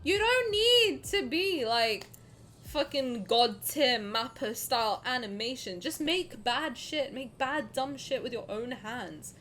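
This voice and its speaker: A woman streaming and chatting casually with her chat, animated and swearing freely, dropping to low mutters and then rising to loud outbursts. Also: slow pace, slight background noise. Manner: reads chat questions aloud and answers them.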